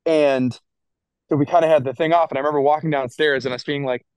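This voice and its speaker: A man, a guest musician, recalling things in a lively, earnest way during a casual interview chat. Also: fairly high pitch, quick pace, clean tone, no room sound, low-quality recording.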